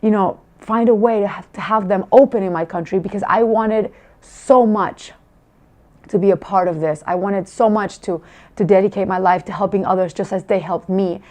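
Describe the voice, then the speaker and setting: A woman's voice: medium pitch, fairly even intonation, moderate pace, a little mellow. Heartfelt woman telling a family story. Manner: emotional, heartfelt, with many restarts. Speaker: parent giving a testimonial. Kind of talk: personal testimonial storytelling.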